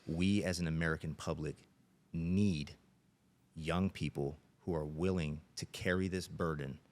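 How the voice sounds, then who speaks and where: A man's voice: rumbling low, steady tone, a little slow, darkish tone. A middle-aged man, a police officer, telling stories earnestly and plainly as a podcast guest. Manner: earnest, plain-spoken storyteller. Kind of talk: podcast interview storytelling.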